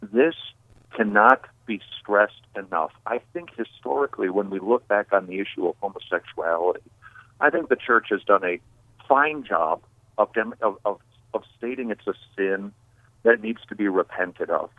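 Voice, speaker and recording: Over a tinny, dry phone line, a man with a fairly low voice preaches in a lively, swooping way. He calls in as a guest and drives his points home with emphatic, sermon-like declarations. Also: normal speed, no echo. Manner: emphatic, animated, builds to preacher's proclamations. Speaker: call-in guest.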